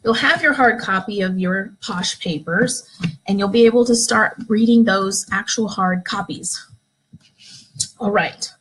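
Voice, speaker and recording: A woman's voice: fairly high pitch, slightly rough, low-quality recording. A woman leading a live video training for her direct sales team, upbeat and encouraging, talking straight to new members. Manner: upbeat, encouraging, acts out excited examples. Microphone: phone or webcam, live stream.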